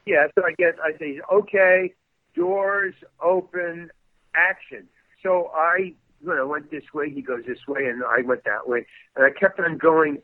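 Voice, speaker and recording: A man's voice: fairly high pitch, normal speed, dry recording. An older man, a guest actor, telling stories in a podcast interview, rambling and acting out the people in them. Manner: rambling, animated, acts out the people in his stories. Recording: dry tinny phone-like line.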